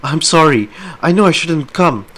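A man's voice: fairly high pitch, animated, moderate pace, fairly bright tone, pitched above the performer's own voice. A man reading aloud, voicing a distraught female dwarf who stammers through tears, breathless and shaken. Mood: panicked, tearful.

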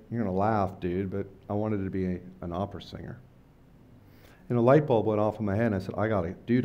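A middle-aged man with a fairly low voice tells stories to a live audience at a lecture night. His talk is loose and rambling and full of slang. When he quotes someone he jumps up in pitch and volume. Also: darkish tone. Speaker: lecture speaker. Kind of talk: casual storytelling talk.

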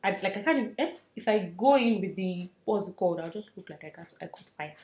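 A woman's voice: medium pitch, expressive, fast. Chatty woman in a roomy echo. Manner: chatty, self-mocking, drifts to soft murmurs while working. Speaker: beauty vlogger. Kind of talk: casual makeup tutorial chat. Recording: roomy echo, faint hiss.

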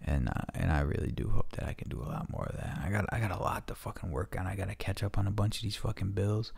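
A man's voice: fairly low pitch, quick pace, creaky, darkish tone, slightly rough, dry recording. A man hosting a podcast from home, chatting loosely and swearing freely in a heartfelt, rambling way. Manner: loose, profane, heartfelt talk. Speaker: podcast host. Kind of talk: casual rambling chat.

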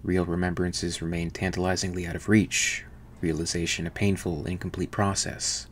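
Deep-voiced man narrating a novel. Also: little pitch movement, normal speed.

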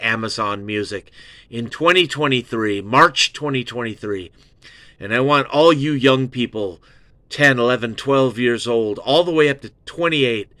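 A man hosting an album review show, gushing and excitable, repeating himself and swearing freely. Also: mid-range voice, dry recording. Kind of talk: rambling casual album review.

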